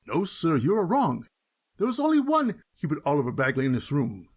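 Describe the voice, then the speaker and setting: A man's voice: a little high, huge pitch swings, fairly quick, slightly rough, full character voice. A man voicing a stuffy, pompous male lawyer who reads a will in a formal, mock-polite way. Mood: solemn. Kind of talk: cartoon voice acting.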